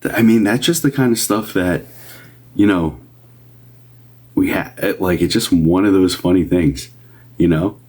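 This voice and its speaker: A man's voice: low voice, a little slow, long pauses. A man doing live medium readings, chatting casually with viewers, sometimes whispering and greeting them upbeat. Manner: drops to a soft whisper at times. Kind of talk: casual livestream chat.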